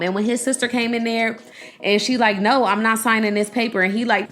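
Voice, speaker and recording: A young woman hosts a podcast in casual chat, speaking animatedly and profanely, laughing often and acting out the people she quotes. Her voice is fairly high and a little fast.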